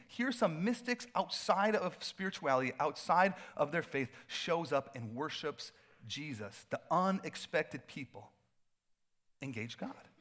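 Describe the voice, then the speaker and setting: A middle-aged pastor preaching a sermon in a loose, conversational way, full of fillers and asides. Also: male voice, on the high side, animated, normal speed, fairly bright tone.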